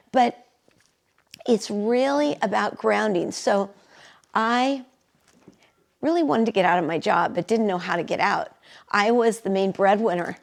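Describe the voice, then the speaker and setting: A woman's voice: medium pitch, creaky. A middle-aged woman leading a live wellness workshop, chatty and laughing often as she guides the group through affirmations. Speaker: workshop leader and energy healer.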